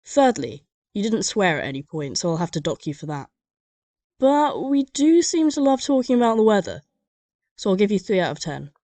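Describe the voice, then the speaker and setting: A woman narrating a comedy animation with dry, sardonic wit. Her voice sits on the low side and sounds mellow and dark. It is recorded close up and dry. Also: no echo.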